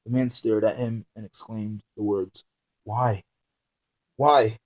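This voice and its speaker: A man's voice: fairly low pitch, level tone, mellow, rough recording. A man reading his own novel aloud, stumbling and restarting lines often. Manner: halting reading with frequent restarts and fillers.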